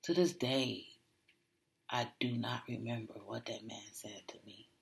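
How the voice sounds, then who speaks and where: A podcast host with a gravelly, medium-pitched voice tells a personal story reflectively, speaking at an unhurried pace with fairly even intonation. They often drop to a whisper, and when emotional they repeat words and restart.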